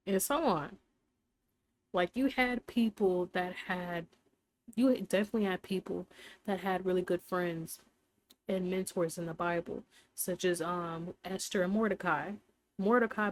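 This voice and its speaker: A woman's voice: mid-range voice, slight background noise. A woman hosting a casual faith podcast, talking in a rambling, unscripted way and sometimes giggling. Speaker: podcast host.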